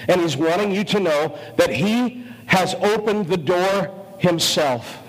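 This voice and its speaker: A man preaching as a pastor, pleading earnestly with his listeners in short phrases broken by pauses, in a large auditorium. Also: high-pitched, expressive. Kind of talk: sermon. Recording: long hall reverb with faint music.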